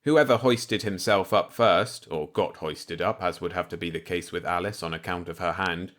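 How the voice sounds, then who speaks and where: Low-voiced male audiobook narrator. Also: moderate pace, a bit bright. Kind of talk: first-person novel narration.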